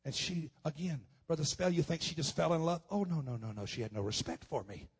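A man preaching a personal testimony at a conference. He is impassioned and swings from hushed telling to loud outbursts. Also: fairly high pitch, a little fast, slightly rough. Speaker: pastor. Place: conference hall.

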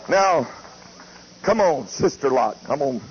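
A male pastor, preaching a fiery sermon with shouting and declaiming. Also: very high voice. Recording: muffled lo-fi tape with faint hiss.

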